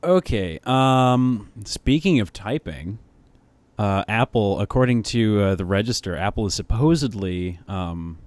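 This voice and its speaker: Low-voiced man chatting with many fillers. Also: expressive, a little slow, a little mellow, dry recording. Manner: hesitant, many fillers and restarts. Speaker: podcast host. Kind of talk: casual tech podcast chat.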